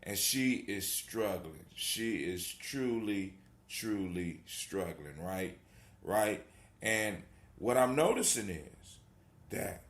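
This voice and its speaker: Rambling motivational man hosting a home call-in show, bright voice, roomy echo. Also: on the low side, expressive, takes it slowly. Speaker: host. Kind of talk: casual call-in show monologue.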